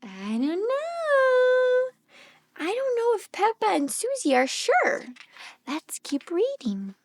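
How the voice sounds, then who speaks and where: A woman reads a children's picture book aloud, pausing to ask little listeners questions. Her voice is high and very lively, and she takes her time. The sound is close and dry. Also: dry recording. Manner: gentle, animated, asks the child questions. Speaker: speech therapist reading aloud.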